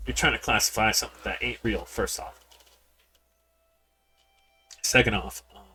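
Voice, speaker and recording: A man's voice: fairly low pitch, husky. Rambling man chatting over gameplay. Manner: rambling, repeats words, keeps addressing viewers. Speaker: game streamer. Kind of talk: casual gameplay commentary. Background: people yelling in the background.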